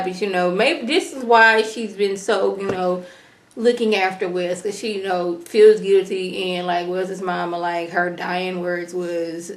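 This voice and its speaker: A woman recapping a TV episode in an animated, slangy way, acting out characters as she goes. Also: lowish voice, unhurried, reverberant. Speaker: TV episode reviewer. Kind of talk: casual TV recap vlog.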